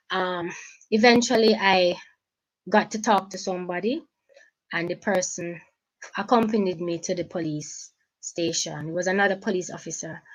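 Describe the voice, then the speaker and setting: A woman with a Jamaican accent, a guest giving an emotional personal account in halting speech, often repeating and restarting her phrases. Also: mid-range voice, low-quality recording.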